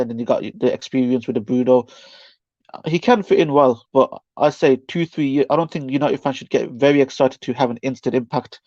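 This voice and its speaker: A male caller with a mellow, warm voice gives a measured opinion, hedging with um and I mean. The call line sounds dull and lo-fi, and the sound is dry. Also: mid-range voice, dry recording.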